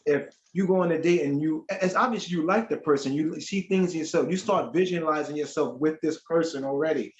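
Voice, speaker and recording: A man on a discussion panel, telling a personal story in an animated way and acting out the quotes. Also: fairly high pitch, fairly quick, hardly any pauses. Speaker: panel guest. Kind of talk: casual panel chat. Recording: echoey, dull lo-fi sound.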